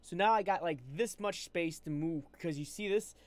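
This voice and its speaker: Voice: mid-range voice, moderate pace. A live streamer in a casual, agitated rant, upset and restarting often, talking through wired earbuds. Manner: agitated, ranting, with many restarts. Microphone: wired earbuds with mic.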